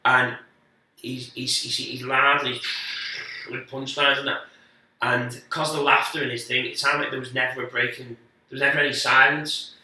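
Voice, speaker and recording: A man tells loose, profane anecdotes and laughs at himself as a podcast guest. His tone is piercingly bright. He sounds a little distant from the microphone in a strongly echoing room. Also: mid-range voice, level tone. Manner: rambling, sweary anecdotes with quick self-mocking asides. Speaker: guest comedian. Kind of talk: casual podcast storytelling. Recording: echoey room, speaker distant from the mic.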